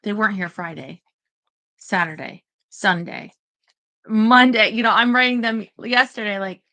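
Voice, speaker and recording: A woman's voice: medium pitch, measured pace, sharp tone. A woman rambling anxiously in casual livestream chat, talking straight to her viewers.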